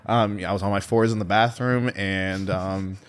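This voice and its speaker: A man co-hosting a podcast in casual chat, joking and halting with a wry tone. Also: lowish voice, steady tone. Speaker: podcast co-host.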